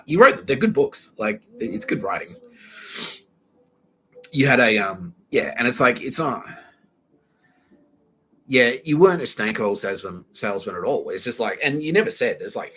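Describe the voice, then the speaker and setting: A man's voice: on the low side, lively intonation, normal speed, sharp tone, slight background noise. A young man hosting a comedy podcast, rambling through a profane comic monologue, laughing and acting out quoted voices.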